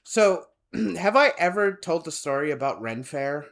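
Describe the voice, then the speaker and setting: A man co-hosting a podcast spins a rambling, animated story in casual conversation, acting out the people he quotes. His voice is a little high with vocal fry, his pace measured, and crowd noise can be heard.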